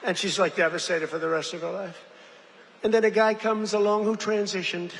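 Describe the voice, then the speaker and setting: A man's voice: high-pitched, steady tone, a little fast, fairly bright tone. A man giving an off-the-cuff rally speech, rambling and digressive, with jokey asides to the crowd and repeated phrases. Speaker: political speaker at a rally. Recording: long hall reverb, faint background noise.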